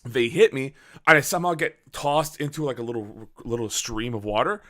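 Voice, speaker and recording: A man chatting on a podcast, telling a story in an animated way and acting out his own reactions, with a lot of swearing. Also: mid-range voice, brisk. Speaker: podcast host. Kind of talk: casual podcast chat.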